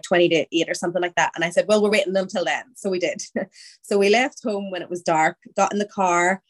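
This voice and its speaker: A woman, a podcast guest candidly telling her story in casual, chatty conversation. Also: mid-range voice. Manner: candid, chatty, quotes her own thoughts aloud.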